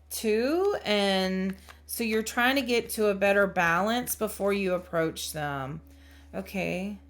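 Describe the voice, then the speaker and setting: A young woman giving a tarot reading to her viewers, in a voice of middling pitch. She speaks slowly and musingly, pausing to feel things out, then offers gentle reassurance and the odd startled exclamation. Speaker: tarot reader. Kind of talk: intuitive tarot reading to camera.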